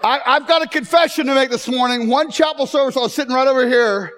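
A man preaching in a chapel, joking and then growing emotional and loud. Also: very high voice, fast. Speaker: chapel speaker. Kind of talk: humorous sermon.

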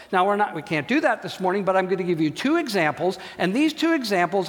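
A man preaching a sermon, telling a story and acting out the voices in it. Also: high-pitched. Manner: animated storyteller, acts out voices. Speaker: pastor. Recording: long hall reverb.

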